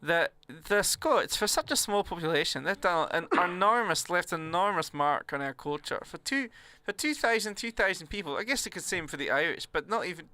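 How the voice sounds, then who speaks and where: A man's voice: high-pitched, lively intonation, a little fast, few pauses, pushed and bright. A man, a comedian chatting casually as a podcast guest, rambling with frequent restarts and easy laughter.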